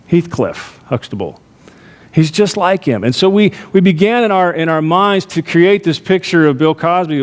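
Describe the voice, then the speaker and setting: A man's voice: high-pitched, moderate pace. A middle-aged male pastor preaching a sermon, talking to the congregation conversationally with rhetorical asides. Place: church sanctuary. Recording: long reverb of a church hall.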